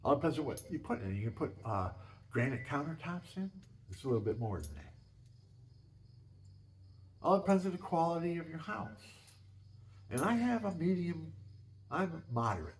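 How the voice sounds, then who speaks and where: A man's voice: fairly high pitch, very animated, normal speed, long pauses. An older man telling casual, rambling stories about his home and pets, with lots of restarts and folksy asides. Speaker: home video maker. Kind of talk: casual storytelling.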